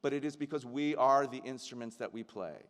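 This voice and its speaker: A middle-aged man addresses graduates in an earnest, searching way, circling back and restarting his thoughts. His voice sits at an ordinary middle pitch. The sound carries the long reverb of a large hall. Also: fairly quick. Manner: earnest, reflective, with many restarts and fillers. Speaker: commencement keynote speaker. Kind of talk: speech to graduates. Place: large ceremony venue.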